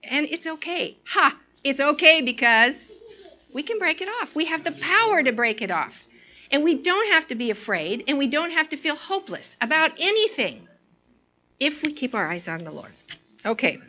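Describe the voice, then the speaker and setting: Bright, lively woman preaching a story. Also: sits high, normal speed, lo-fi sound. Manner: animated storytelling, lots of restarts and fillers. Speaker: women's ministry speaker. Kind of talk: informal sermon with personal story.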